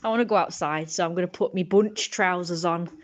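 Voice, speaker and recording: A woman's voice: on the low side, fairly quick. A woman, rambling casually in a vlog, swearing and chatty. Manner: swearing, chatty, laughing at own jokes. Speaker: vlogger.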